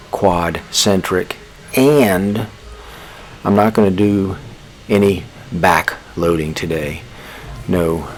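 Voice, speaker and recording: A man's voice: low voice, vocal fry, a little hiss or hum. A man in his sixties hosting a fitness vlog, chatting to viewers in a casual, folksy way. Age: 60s. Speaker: fitness vlogger. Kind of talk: casual workout vlog chat.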